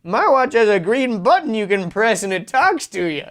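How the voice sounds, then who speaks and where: A man putting on the voice of his confused elderly grandfather, talking slowly and shakily. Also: very animated, fairly bright tone, exaggerated voice. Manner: slow, shaky old-man voice, sometimes crying out high.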